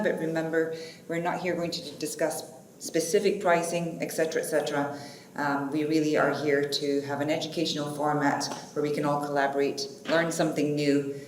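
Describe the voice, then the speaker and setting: A woman moderating a conference panel, chatty and informal. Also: sits low. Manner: chatty, informal, uses fillers. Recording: echoey conference hall, faint noise.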